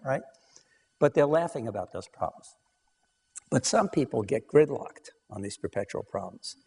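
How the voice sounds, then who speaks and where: Husky man lecturing in a hall. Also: on the high side, a little mellow. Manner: anecdotal, acts out dialogue, frequent "you know". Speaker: lecturer on couples research. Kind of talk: conversational lecture.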